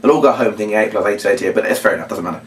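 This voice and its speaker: A middle-aged man teaching a children's magic routine, animated and acting out his patter lines. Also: very fast, slight background noise. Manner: animated, jumps into a high shouty kids'-show voice for demo lines. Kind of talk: instructional talk with acted-out patter. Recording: echoey room, mic at a distance.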